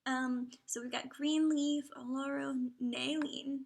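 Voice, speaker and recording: A woman's voice: high voice, level tone, unhurried, creaky, hardly any pauses. A young adult woman hosting a casual livestream, chatting along and often dropping into half-whispered asides. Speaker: livestream host. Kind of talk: casual live commentary.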